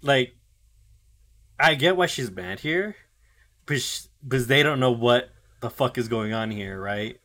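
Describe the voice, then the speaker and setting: A man's voice: mid-range voice, lively intonation, unhurried, long pauses, a bit bright. A man co-hosting a podcast, retelling anime episodes in loose casual chat full of fillers, swearing and acted-out character lines. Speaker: podcast co-host recapping anime.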